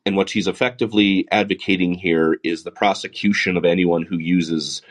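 Sardonic low-voiced man hosting a podcast. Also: steady tone, normal speed. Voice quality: baritone. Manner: sardonic, sarcastic asides. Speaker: podcast host. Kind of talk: solo podcast monologue.

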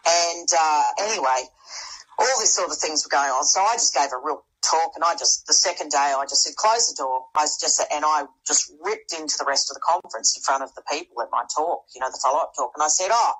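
A woman's voice: low voice, a little fast, husky, low-quality recording. A middle-aged woman, a podcast guest, telling a story casually and acting out other people's voices, with frequent restarts. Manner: animated, acts out quoted voices, frequent restarts.

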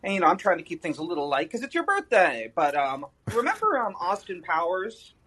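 A man's voice: high-pitched, wildly swooping pitch, fairly quick, sharp tone, breathy edge, low-quality recording. A man in his early thirties calling in to a podcast, talking casually in a rambling, hesitant way with many fillers. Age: 30s. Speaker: caller. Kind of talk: casual chat.

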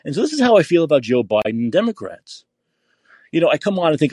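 Angry, foul-mouthed male podcaster on a rant, husky, dry close sound. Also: on the high side, sing-song, quick pace, darkish tone, dry recording. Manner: angry, profane, repetitive ranting. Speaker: podcast host. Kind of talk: political rant.

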